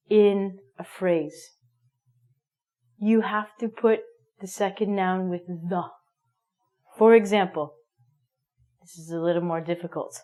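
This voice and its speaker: A woman's voice: medium pitch, a little mellow. A woman teaching an English grammar lesson, playful and emphatic, acting out little everyday scenes.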